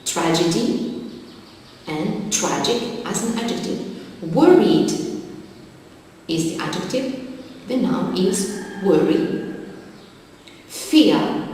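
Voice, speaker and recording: Slow, echoey woman teaching a lesson. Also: on the low side, darkish tone, a little hiss or hum. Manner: slow, methodical, dictating word lists. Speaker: English teacher. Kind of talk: exam-prep lesson. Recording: echoey hall, distant mic.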